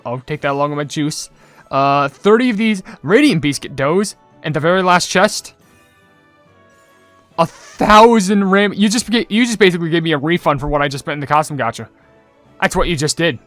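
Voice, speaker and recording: A young man casually commenting on his gameplay and reading viewer comments, chatty and rambling, getting loudly excited over loot. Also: on the high side, no room sound. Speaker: gaming channel host.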